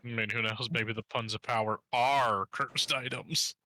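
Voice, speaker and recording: Bright-voiced wry man at a game table. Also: mid-range voice, fairly even intonation, normal speed. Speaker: player. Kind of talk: casual tabletop play.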